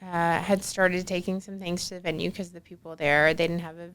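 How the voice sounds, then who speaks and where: A woman's voice: lowish voice, little pitch movement, brisk, fairly bright tone, clear, resonant tone. A young woman guest on a podcast telling a personal story in a casual, chatty way, full of fillers and acted-out quotes. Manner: chatty, many fillers like "like", acts out quoted dialogue.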